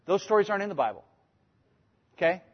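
A man preaching a sermon, emphatic and conversational, switching between loud points and quiet asides. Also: high voice, very animated, quick pace, slightly rough, in a large hall, muffled recording. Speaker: pastor.

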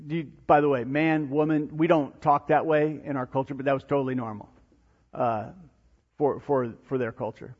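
A man preaching a sermon, swinging between loud, emphatic passages and low, hushed ones. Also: brisk, slightly rough. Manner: animated preaching, rising to near-shouts then dropping low and soft. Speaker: pastor. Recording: dull lo-fi sound in a reverberant hall.

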